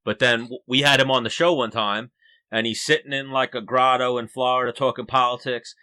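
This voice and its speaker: A male podcast host who talks quickly in a bright, forward voice. He tells anecdotes and lines up fight cards in an easygoing way. His pitch sits in the middle of the male range. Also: fairly even intonation. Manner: storytelling, introduces fight matchups. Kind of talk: casual chat.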